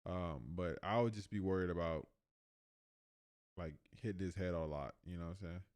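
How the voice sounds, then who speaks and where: A man's voice: low voice, moderate pace, darkish tone, no echo, clean studio sound. A young man giving loose, joking commentary on a live stream as he reacts to a talk. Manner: loose, joking asides with slang.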